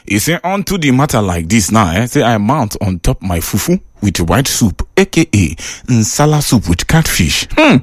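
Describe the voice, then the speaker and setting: A man's voice: lowish voice, moderate pace, hardly any pauses, dry recording. A man with a Nigerian accent hosting a call-in radio show from a studio, bantering playfully with callers and reading out messages. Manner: lively, playful banter in pidgin. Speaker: radio host.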